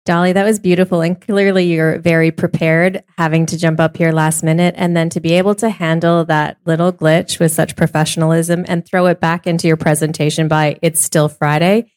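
A woman gives feedback after a speech, praising the speaker's handling of it. Her voice sits low and flat, with little rise or fall. She sounds a bit distant from the microphone. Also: fairly quick, hardly any pauses, smooth. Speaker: speaking coach giving feedback.

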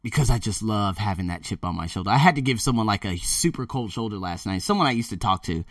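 A man talking casually to his viewers, emphatic and animated, often repeating himself. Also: lowish voice, fast, no room sound, clean studio sound, far from the mic. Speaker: vlogger. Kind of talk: casual monologue to camera. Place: Thailand.

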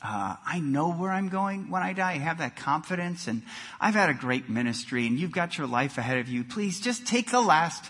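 A man's voice: fairly high pitch, sing-song, moderate pace. A man voicing a kind, selfless older pastor in a joke told during a sermon. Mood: gentle. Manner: gentle, reassuring.

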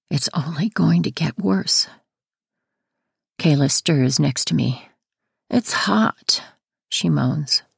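Woman reading her memoir, low husky voice, dry close sound. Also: dry recording. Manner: steady, first-person storytelling. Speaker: audiobook narrator and author. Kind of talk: memoir audiobook narration.

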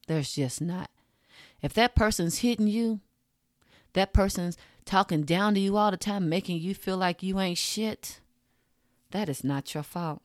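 Foul-mouthed woman podcaster talking aave, lowish voice, real dry sound, no-nonsense rant. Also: a little slow, dry recording. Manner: frank, profane, rants with punchy asides. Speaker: podcast host. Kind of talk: blunt casual monologue.

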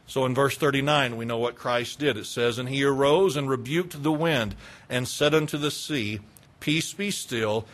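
A pastor preaches a sermon, retelling a story dramatically with repetition and swinging between loud passion and hushed quiet. His voice is medium in pitch and moderate in pace.

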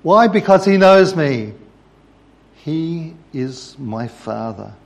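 A man preaching a sermon, telling a story in a measured way. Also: fairly high pitch, lively intonation, creaky.

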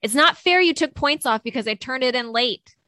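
An impatient, entitled teenage boy, as a woman reads him aloud, shouting his complaint at a higher, louder pitch, as if every word were in capitals. The voice is dry and close, with no room around it. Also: expressive, a little fast, dry recording. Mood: indignant. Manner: shouting in all caps, indignant.

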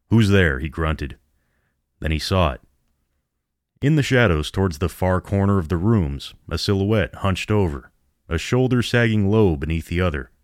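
A man narrating a horror story in a measured storytelling manner. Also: sits low, no room sound, studio quality.

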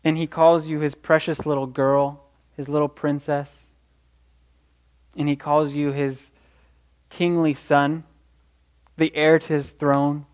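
A man's voice: on the high side, level tone, slow, long pauses, a little mellow. A young man preaching a sermon in an earnest, encouraging way, often restarting his sentences. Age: young adult.

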